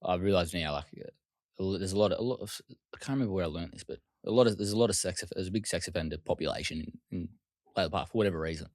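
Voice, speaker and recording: A man's voice: low voice, very fast, a little mellow, dry recording, clean studio sound. An Australian man telling his life story as an interview guest, in a loose, casual way with frequent swearing and fillers.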